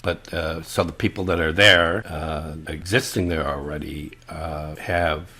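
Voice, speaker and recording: Low-voiced older man, rambling chat. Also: steady tone, sharp tone. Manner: rambling, halting with many fillers. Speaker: guest, improv teacher. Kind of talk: casual interview chat.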